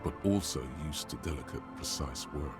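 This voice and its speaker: Extremely deep game narrator. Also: male voice, moderate pace. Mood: solemn. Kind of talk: scripted narration. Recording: game audio over loud music.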